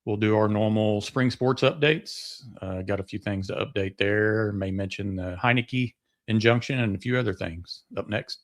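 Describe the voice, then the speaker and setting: A man co-hosts a sports podcast in a relaxed, rambling way with lots of fillers. His voice sits somewhat low. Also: normal speed. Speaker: podcast co-host. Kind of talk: casual sports chat.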